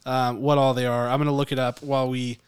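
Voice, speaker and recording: A man's voice: medium pitch, fast talker, clean tone, no room sound, studio quality. A man co-hosting a podcast, chatting casually with jokes and playful rants. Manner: animated, joking, rant-prone. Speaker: podcast co-host.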